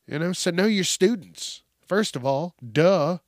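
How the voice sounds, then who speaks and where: A man's voice: sits high, measured pace, hardly any pauses, no room sound, clean studio sound. A man hosting a podcast, giving rambling, profane, casual commentary on the news. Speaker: podcast host.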